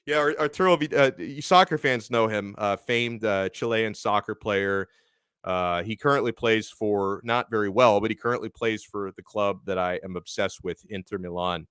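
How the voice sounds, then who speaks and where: Lively man hosting a sports stream, lowish voice, dry close mic, reads fan chats with energy. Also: smooth, dry recording. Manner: animated, lively, quick with shout-outs. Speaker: sports show host. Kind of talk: live-stream sports talk reading viewer chats.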